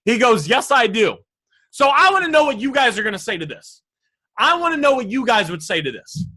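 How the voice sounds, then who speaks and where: A man coaching viewers live on sales talk, energetic and emphatic, asking them questions directly. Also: very high voice, brisk. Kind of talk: live online sales lesson.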